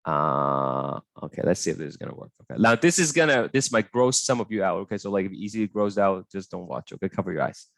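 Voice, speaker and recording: Lively low-voiced male tutor. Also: quick pace, vocal fry, hardly any pauses, no echo. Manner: chatty, hesitant, many fillers and checks. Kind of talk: online biology tutorial.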